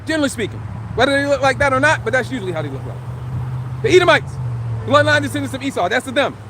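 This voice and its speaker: A man giving a live religious teaching as a street preacher, emphatic, firing rhetorical questions and shouting scripture for drama. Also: very high-pitched, lively intonation, racing, a little hiss or hum.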